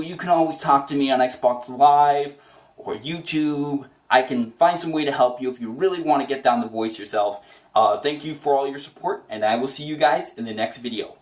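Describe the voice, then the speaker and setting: Chatty man in a roomy room. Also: medium pitch. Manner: chatty, enthusiastic, rambling. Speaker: voice impression tutor. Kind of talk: casual spoken tutorial.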